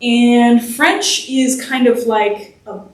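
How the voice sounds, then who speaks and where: A young adult woman, a singer answering audience questions after a concert, explaining things in a chatty way with quick laughs. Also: a little high. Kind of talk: casual post-concert Q&A. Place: church concert hall. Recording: echoey hall from far off.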